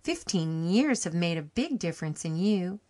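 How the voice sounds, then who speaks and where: A woman reading an audiobook, voicing a cheery, warm-hearted country farm wife with a folksy rustic dialect. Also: lowish voice, big pitch swings, moderate pace. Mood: welcoming.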